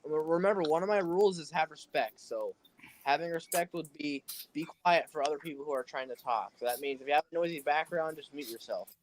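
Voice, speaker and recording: A man's voice: on the high side, a little fast. A man with a slightly raised voice hosts a casual livestream call. He grumbles and circles back over the same points. A faint hiss runs under his voice. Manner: grumbling, repeats himself. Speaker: livestream host.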